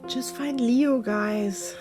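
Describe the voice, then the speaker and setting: A woman's voice: a little high, extremely slow, a little mellow, soft background music. A woman playing a tabletop game, speaking casually and a little hesitantly. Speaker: player. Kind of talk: casual chat.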